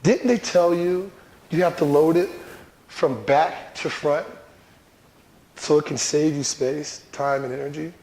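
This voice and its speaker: A man voicing his exasperated wife, who scolds him quietly and pointedly about chores, in an echoey room. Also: a little high, unhurried, pauses often, voice pushed down. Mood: scolding.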